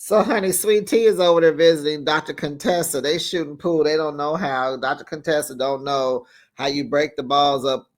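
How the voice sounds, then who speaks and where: A man's voice: a little high, fairly even intonation, moderate pace. A man giving casual recap commentary on a reality show, sassy and chatty, laughing often between remarks. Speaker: host of a reality TV recap channel.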